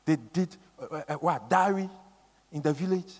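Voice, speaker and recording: A male preacher giving a sermon with emphatic, repetitive storytelling that swings from hushed tones to shouting. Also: on the high side, expressive, moderate pace. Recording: long reverb of a large hall.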